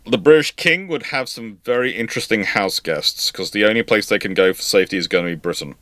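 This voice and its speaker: A man's voice: on the low side, quick pace, a bit bright, dry recording. A man hosting a live question-and-answer stream, explaining at length in a rambling way with frequent restarts. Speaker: host. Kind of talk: live viewer Q&A.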